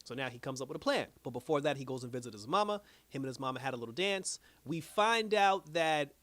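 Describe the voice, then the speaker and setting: A man's voice: mid-range voice, lively intonation, fast, a bit bright, dry recording. A man giving a casual, rambling plot recap as a TV reviewer, full of fillers and restarts. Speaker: TV series reviewer.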